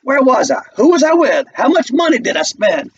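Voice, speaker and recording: A man voicing a bitter, explosive young husband who rants loudly and scornfully in a play read aloud. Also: extremely high pitch, big pitch swings, normal speed, dull audio, slight background noise, voice pushed up. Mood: mocking. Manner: loud, scornful and ranting.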